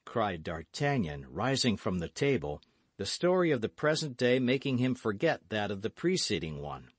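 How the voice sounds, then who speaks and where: A man narrating a classic novel as an audiobook, reading slowly and expressively. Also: fairly low pitch, very animated, no room sound.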